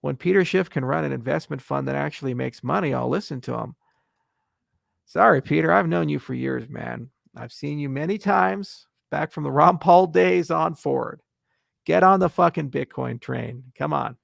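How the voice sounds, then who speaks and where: Guy doing a casual live q&a, very gravelly fry, dry close sound, wry deadpan jokes. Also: fairly high pitch, normal speed, no room sound. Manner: wry, deadpan joking, reads questions aloud. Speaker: host answering viewer questions. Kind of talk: casual livestream Q&A.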